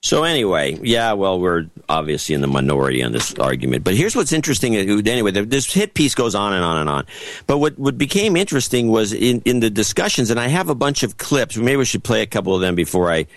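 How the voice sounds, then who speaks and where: A man co-hosting a casual political podcast, reading a report aloud with sarcastic asides and halting restarts. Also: on the low side, very animated, no echo. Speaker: podcast co-host.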